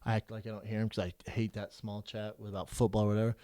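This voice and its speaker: A man's voice: lowish voice, little pitch movement, fast, warm tone. A man co-hosting a podcast, chatting bluntly and casually with plenty of swearing. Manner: blunt, profane, laid-back banter. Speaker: podcast co-host. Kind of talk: casual chat.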